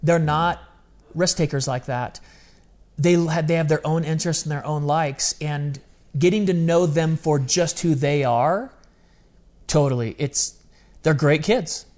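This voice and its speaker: A man with a voice pitched a little above the usual male range speaks as a podcast guest. He talks candidly and earnestly, in a confessional, storytelling way. He often drops into quoting his own words, as if replaying a conversation. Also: a little slow, a little mellow. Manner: quotes his own past words in dialogue.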